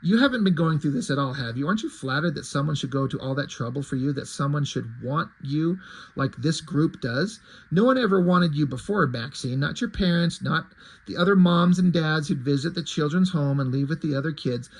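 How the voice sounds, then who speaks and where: A man reading the lines of a calm, manipulative genius who taunts his captive. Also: on the high side, brisk. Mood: taunting.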